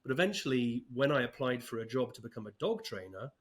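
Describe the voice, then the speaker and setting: A man's voice: medium pitch, very animated, fast talker. A man in his fifties, a podcast guest talking casually with light, self-deprecating humor. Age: 50s. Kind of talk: casual interview talk.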